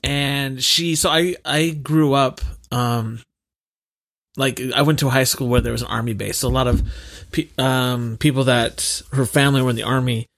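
A man co-hosting a podcast, telling a self-deprecating story in a halting way with nervous laughs. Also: medium pitch, steady tone, vocal fry, fairly bright tone. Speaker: podcast co-host. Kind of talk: casual storytelling.

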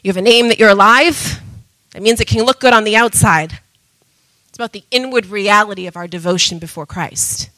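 Woman preacher, passionate sermon, loud calls and quiet asides, dry close sound. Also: mid-range voice, brisk, no room sound, poor audio. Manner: impassioned, swings between loud emphatic calls and soft asides.

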